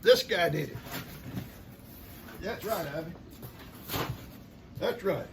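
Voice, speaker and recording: A man's voice: high-pitched, slow, gravelly. An older man, chatting casually and folksily to camera while opening gifts and talking to his pets. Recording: noisy home recording.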